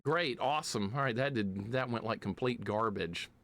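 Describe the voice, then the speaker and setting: Excitable man with a slight southern twang. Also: mid-range voice, normal speed, faint music behind. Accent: slight Southern US city accent. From southeastern United States. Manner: chatty, excitable, laughs often, greets chat. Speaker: game streamer. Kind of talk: live gameplay commentary.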